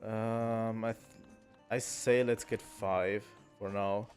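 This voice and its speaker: A man with a fairly low voice talks casually as he streams a video game, thinking aloud and pausing on ums. Faint game music plays underneath him. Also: steady tone. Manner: musing aloud to himself, with frequent ums and restarts. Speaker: gaming streamer. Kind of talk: casual let's-play commentary.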